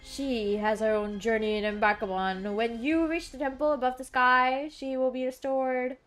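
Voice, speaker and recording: Ancient cosmic watcher, solemn, grand, formal, voiced by a woman, a touch high. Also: steady tone, normal speed, a bit bright, faint music behind. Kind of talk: reading game dialogue aloud.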